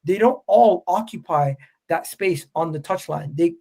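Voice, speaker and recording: A man's voice: high-pitched, a little slow, gravelly, a little mellow. A man with a North American accent hosting a heated football debate, insistent and prone to stammering and repeating himself as he argues. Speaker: football podcast host.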